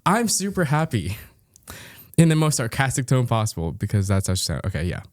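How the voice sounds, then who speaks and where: A man's voice: fairly low pitch, sing-song, fast talker, darkish tone, dry recording. A young man co-hosting a podcast, reading a listener's story aloud with dry, amused remarks and frequent laughter. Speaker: podcast co-host.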